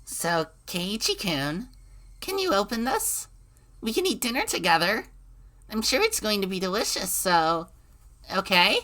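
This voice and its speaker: A woman voicing an eerily gentle teenage girl from a visual novel, sweet on the surface but menacing underneath. Her voice is bright and lilting, swooping up and down as she draws out each word slowly. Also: mid-range voice, very animated. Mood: coaxing. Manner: soft, sing-song and eerily gentle.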